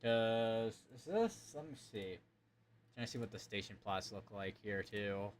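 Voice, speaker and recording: A man's voice: fairly low pitch, animated, unhurried, a little hiss or hum. A man hosting live severe weather coverage, talking casually and thinking aloud as he clicks through weather maps. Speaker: severe weather stream host.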